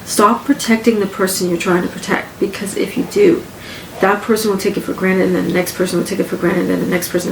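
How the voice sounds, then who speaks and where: Talking from her living room into a home podcast mic, a medium-pitched Canadian woman with grown children rambles candidly through a casual personal monologue, often repeating herself. The room is echoey, with a faint background hum.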